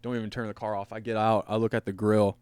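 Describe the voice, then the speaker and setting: A man's voice: lowish voice, little pitch movement, fast talker, darkish tone, clean tone, no room sound. Male podcast host, casual rambling storyteller, swears freely, dry close sound. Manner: rambling, profane, laughing at his own story. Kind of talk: casual storytelling among friends.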